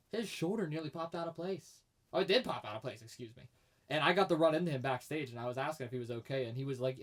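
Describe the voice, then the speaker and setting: A young man swapping stories on a casual podcast. He talks fast and animated, and his voice leaps up when he quotes people. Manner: animated storyteller, jumps high when quoting people. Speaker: podcast co-host, wrestling commentator. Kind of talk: casual chat.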